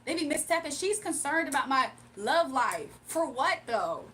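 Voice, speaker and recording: Woman livestream host, high and bright voice, sassy, exasperated, faint room hum. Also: sing-song, normal speed. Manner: sassy, exasperated, talks back to chat comments. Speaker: livestream host reading chat. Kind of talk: casual livestream rant.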